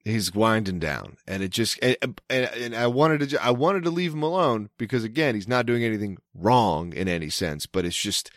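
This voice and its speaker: A man's voice: fairly low pitch, animated, moderate pace, hardly any pauses, no echo, clean studio sound. A man from Maryland telling a long story in casual chat, rambling, swearing a lot and breaking off his sentences. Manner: rambling, profane, self-interrupting.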